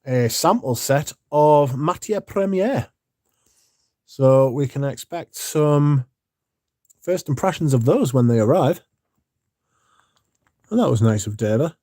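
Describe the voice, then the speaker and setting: A man's voice: on the high side, animated, slow, long pauses, warm tone, no room sound, clean studio sound. A man hosting a casual livestream, sleepy and yawning, rambling and swearing as he chats to his viewers. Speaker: livestream host.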